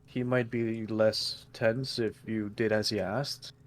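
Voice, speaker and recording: A man's voice: lowish voice, little pitch movement, takes it slowly, a loud crowd. Man arguing in character at a game table. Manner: reasoning, mock-earnest arguing. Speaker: player. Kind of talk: in-character tabletop role-play.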